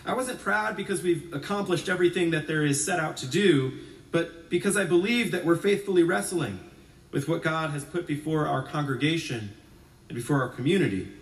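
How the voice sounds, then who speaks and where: A little fast, a male Episcopal priest with a somewhat high voice delivers a sermon that begins conversational and self-deprecating, then turns quietly reflective. The sound is distant, with plenty of echo from the roomy church sanctuary.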